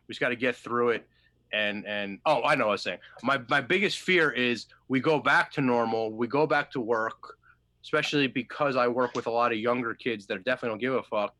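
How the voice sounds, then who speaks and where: Bright-voiced man rambling casually. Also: medium pitch, dry recording. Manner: rambling, profane, loses his thread. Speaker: podcast co-host. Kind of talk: casual chat.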